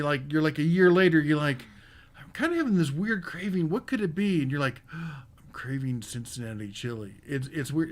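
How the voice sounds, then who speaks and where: Male host, rambling and casual, slightly high-pitched, reading chat comments on a live show. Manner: casual and rambling, with many fillers. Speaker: podcast host.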